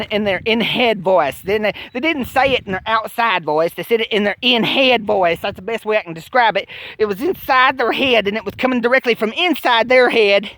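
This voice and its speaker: A man's voice: very high-pitched, a bit bright, no echo. A man, telling a rambling comic monologue with stammers and mock distress. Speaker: comic storyteller.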